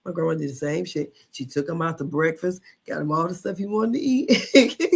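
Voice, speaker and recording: A woman's voice: sits low, normal speed, vocal fry, slightly rough. Laughing, swearing woman telling a story. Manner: laughs often, swears freely, says "honey". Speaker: podcast host. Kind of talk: casual storytelling chat.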